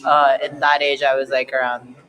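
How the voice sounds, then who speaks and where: Young man, mid-pitch, chatty, crowd noise behind. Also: flat delivery, moderate pace, rough recording. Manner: chatty, leans on fillers like "so yeah" and "specifically". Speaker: guest. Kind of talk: casual interview answers.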